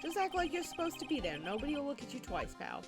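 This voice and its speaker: A woman voicing a gruff, blustering male police detective, with game music behind her. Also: high voice, very animated, fast, pitched above the performer's own voice.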